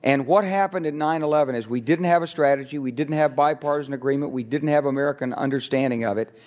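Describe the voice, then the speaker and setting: An older man, a retired military officer, giving a lively anecdotal talk on stage, acting out the voices of people he quotes. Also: mid-range voice, fast. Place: stage before an audience.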